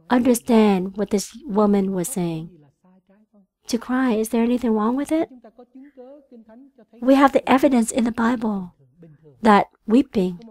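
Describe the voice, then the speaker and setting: Woman interpreting a sermon, first language vietnamese, slow and earnest, bit high voice. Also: darkish tone. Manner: earnest, halting with restarts.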